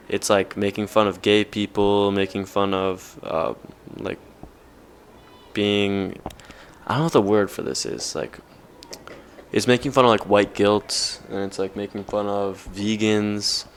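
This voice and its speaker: A man's voice: fairly low pitch, fairly even intonation, takes it slowly, slight background noise. A young man vlogging off the cuff, rambling with lots of slang and filler words. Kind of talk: casual off-the-cuff vlog talk.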